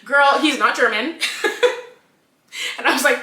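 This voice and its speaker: A young woman with a bright, fairly high voice co-hosts a casual book chat. She retells the story animatedly and slips into the characters' voices. The room has a noticeable echo. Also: unhurried. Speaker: podcast co-host.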